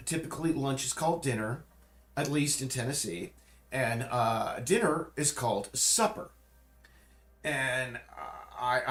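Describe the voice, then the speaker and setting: A man chatting casually on a livestream, rambling and often restarting and correcting himself mid-sentence. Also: medium pitch. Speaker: streamer. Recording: roomy echo.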